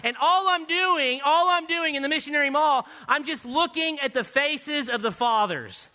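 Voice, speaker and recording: A man giving a guest sermon in a church, telling a lively story with playful asides. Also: very high-pitched, moderate pace. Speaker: guest speaker. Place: church sanctuary. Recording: reverberant church hall.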